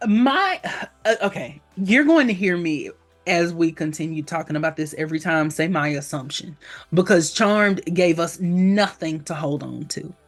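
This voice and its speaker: A woman hosting a casual podcast chat. She talks animatedly and slips into playful character voices with sudden pitch leaps. Faint music sits quietly behind her. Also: moderate pace. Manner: animated, acts out characters with big pitch jumps. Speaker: podcast host.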